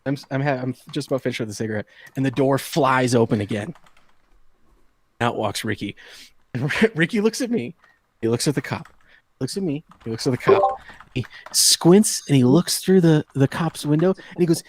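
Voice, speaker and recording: A man's voice: medium pitch, lively intonation, a little fast. A man in his thirties telling a long story to friends in a casual chat, laughing often and acting out the people he quotes. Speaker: podcast host.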